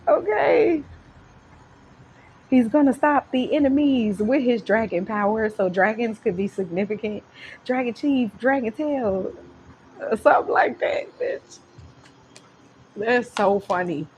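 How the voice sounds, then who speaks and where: A woman giving a casual tarot reading, talking in an animated, slangy and profane way, with home background noise. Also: on the high side, unhurried. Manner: animated, slangy and profane, breaks into laughs and sung lines. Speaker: tarot reader.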